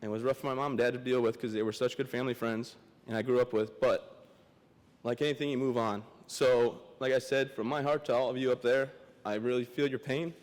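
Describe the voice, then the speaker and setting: A young man from Michigan speaks at a podium, his voice teary and emotional but plain-spoken. His pitch sits in an ordinary middle range. Each line rings out with the long reverb of a large hall. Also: steady tone, fairly quick. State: tearful. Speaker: guest speaker. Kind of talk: memorial speech.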